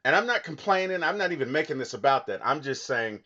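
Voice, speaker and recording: A man's voice: a little high, big pitch swings, quick pace, bright, forceful tone, dull audio. A man co-hosting a casual movie discussion, talking earnestly and emphatically, often restarting his sentences. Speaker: movie podcast co-host.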